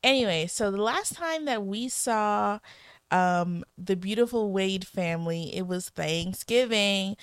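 A woman co-hosting a podcast, chatting excitably with frequent laughter and quick asides. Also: medium pitch, clean tone, no echo. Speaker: podcast co-host. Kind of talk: casual podcast chat.

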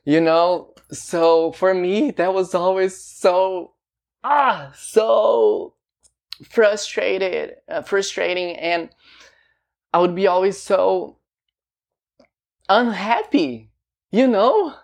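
Slow, gravelly man speaking haltingly. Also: high-pitched. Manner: halting, searching for words, often asking "you know?". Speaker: singer talking about his debut album. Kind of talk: personal talk to camera.

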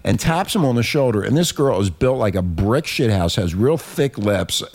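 A man's voice: lowish voice, animated, moderate pace, a little mellow. A man hosting a radio talk show, rambling and profane in loose banter.

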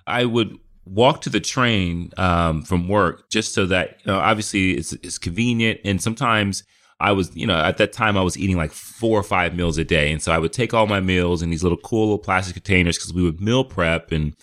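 Man co-host, lowish voice, halting delivery, quick to laugh. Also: fairly bright tone. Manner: halting, laughs often, restarts. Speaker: podcast co-host. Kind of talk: casual chat.

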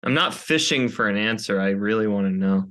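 A man's voice: fairly low pitch, fairly quick, fairly bright tone. A man chatting as a guest on a podcast, rambling and self-conscious, joking with the hosts. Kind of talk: casual chat. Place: podcast studio.

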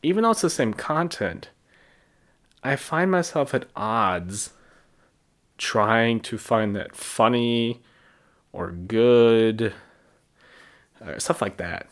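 A man's voice: mid-range voice, animated, slow, long pauses. An American man hosting a solo podcast, talking reflectively in a rambling way with fillers and restarts. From United States. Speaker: podcast host.

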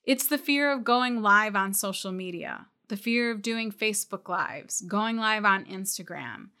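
Woman business coach, bright and forceful tone, direct and encouraging, podcast-style talk. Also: mid-range voice, measured pace. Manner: direct, encouraging, calls listeners out.

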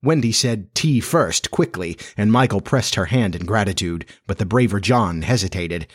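A man reading a storybook aloud as narrator, with measured, even storytelling. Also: lowish voice, breathy edge. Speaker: audiobook narrator.

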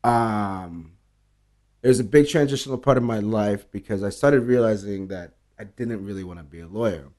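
A man's voice: lowish voice, moderate pace. Casual swearing man telling bar stories. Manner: animated storyteller, acts out quoted dialogue, swears freely. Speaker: bartender guest. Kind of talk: casual storytelling interview.

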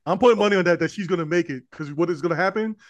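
A man co-hosting a casual sports podcast who banters in a rapid, animated way, spinning conspiracy takes on the league. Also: high voice, no echo.

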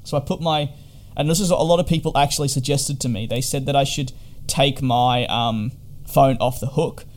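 A man's voice: medium pitch, normal speed, a little mellow. A man chatting casually in a vlog about hotel quarantine, rambling and wry with lots of fillers. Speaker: vlogger.

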